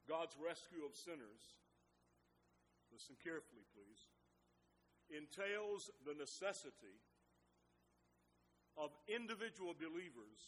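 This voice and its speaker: A man preaching a sermon as pastor, reading scripture and stressing words with deliberate emphasis. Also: a little high, a bit bright, slight background noise. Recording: reverberant hall sound.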